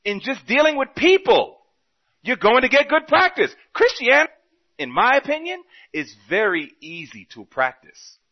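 A man preaching a sermon, telling a story with quoted dialogue and swinging between loud and soft passages. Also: very high voice, big pitch swings, normal speed, muffled recording.

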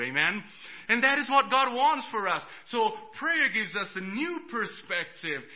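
A man's voice: fairly high pitch, sing-song, moderate pace. Man preaching on a dull recording. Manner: storytelling, swings from hushed to loud, chuckles. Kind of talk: sermon with personal story.

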